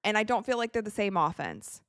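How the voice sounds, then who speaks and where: A woman's voice: medium pitch, big pitch swings, brisk, clean tone, dry recording, clean studio sound. A woman hosting a casual live-stream watch party from her home set, chatting, reading out viewer comments and laughing often.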